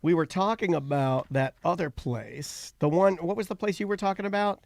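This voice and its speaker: Male host, fairly high voice, dry mic, relaxed, reads emails. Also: moderate pace, gravelly, no echo. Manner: easygoing, reads listener emails aloud. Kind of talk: casual chat.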